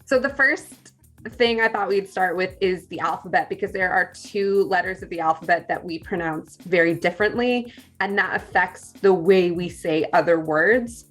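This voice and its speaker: A woman with a Californian accent talks in a low, easy voice, filling her sentences with ums and restarts. She explains things like a teacher in a relaxed conversation. Faint music plays behind her. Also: normal speed. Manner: chatty, many fillers and restarts. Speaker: guest teacher. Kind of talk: casual conversation.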